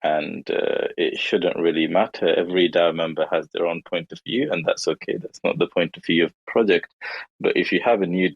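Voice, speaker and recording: A man with a very low voice makes his points calmly in an online chat. The sound is dull and dry, with no room around it. He lays out his view at an even pace. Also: brisk, vocal fry, husky, no echo. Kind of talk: casual online audio chat.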